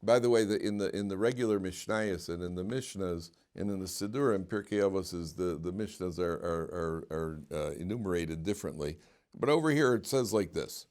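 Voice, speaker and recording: A rabbi a fairly low voice teaches an informal class. He talks in an animated way and stops often to question his students. His sentences break off and restart as he thinks aloud. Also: brisk.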